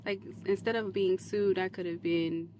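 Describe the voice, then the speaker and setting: A woman's voice: lowish voice, steady tone, moderate pace, dull audio, a little hiss or hum. A woman speaking in a clip, giving an earnest, defensive monologue to camera that rambles from point to point. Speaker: social media creator in a played clip.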